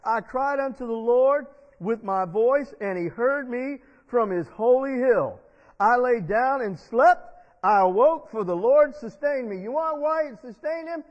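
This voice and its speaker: A man's voice: very high voice, animated, unhurried. A male pastor preaching a sermon in church, leading the congregation in call-and-response. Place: church sanctuary. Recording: dull long-reverb church sound.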